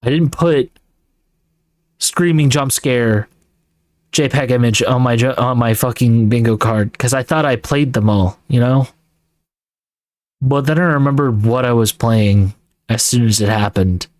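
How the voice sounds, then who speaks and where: Male gaming YouTuber, mid pitch, slow and rambling, casual cursing. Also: darkish tone, no echo, clean studio sound. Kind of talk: gameplay commentary.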